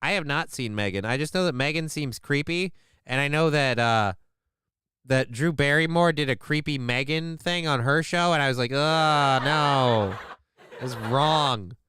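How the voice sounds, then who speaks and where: A man's voice: fairly high pitch, moderate pace, pushed and bright, clear, resonant tone, dry recording, studio quality. A man hosting a livestream, chatting casually with his viewers in a rambling, joking, profane way. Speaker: livestream host. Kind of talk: casual chat to a live chat.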